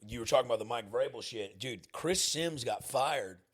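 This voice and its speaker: A man who is a podcast guest, loud, crude and excitable in casual chat. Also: medium pitch, moderate pace, breathy edge.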